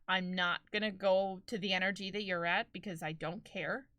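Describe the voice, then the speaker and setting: A woman's voice: mid-range voice, normal speed, few pauses, pushed and bright, no room sound, studio quality. A young woman streaming and chatting with her viewers, telling stories casually and laughing often. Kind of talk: casual chat with live chat.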